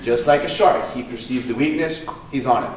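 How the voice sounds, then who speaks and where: A man's voice: mid-range voice, fairly quick, slight background noise. A man, a martial arts instructor, giving a conversational conference talk with a live demonstration, often checking in with "right?" and repeating himself. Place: conference hall. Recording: echoey hall, voice picked up from a distance.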